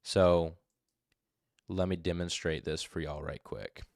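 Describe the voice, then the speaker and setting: A man hosting a live commentary stream, talking in an animated way and mimicking voices to make his points. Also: sits low, slow, vocal fry, dry recording, clean studio sound. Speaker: livestream host.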